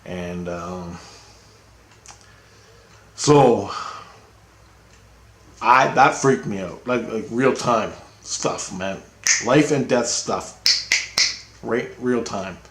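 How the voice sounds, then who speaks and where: A man casually retelling a personal story, rambling and profane, getting excited when he quotes people. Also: fairly low pitch, extremely slow, pauses often, roomy sound, a little hiss or hum. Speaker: storyteller recounting a personal experience.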